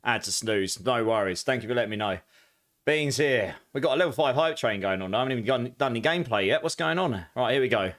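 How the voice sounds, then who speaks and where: A man's voice: medium pitch, expressive, fast talker, fairly bright tone. A man chatting casually to viewers while streaming a game, thanking them by name. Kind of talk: casual live-stream chat.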